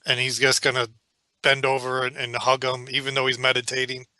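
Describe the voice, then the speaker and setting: Bright-voiced man playing a tabletop game. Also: medium pitch, monotone, brisk. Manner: laid-back, describing his character's actions. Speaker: player. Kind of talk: casual tabletop play.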